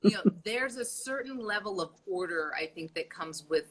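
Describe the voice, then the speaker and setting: A woman's voice: medium pitch, animated, moderate pace, a bit bright, husky, poor audio. A woman co-hosting a casual chat show who drops dry, wisecracking asides. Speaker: podcast co-host.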